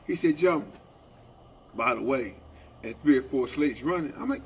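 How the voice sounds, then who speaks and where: A man co-hosting a union radio show, telling animated stories in casual talk and asking "right?" after his points. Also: medium pitch, normal speed, husky. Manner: animated storytelling, acting out quoted exchanges, repeated "right?".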